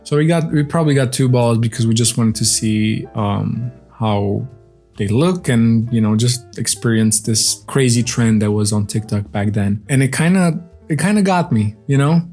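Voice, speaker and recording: A man's voice: medium pitch, normal speed, darkish tone, soft background music. A man hosting a casual vlog, chatting loosely while eating on camera, with lots of fillers and restarts. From grew up outside the USA. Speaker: vlog host.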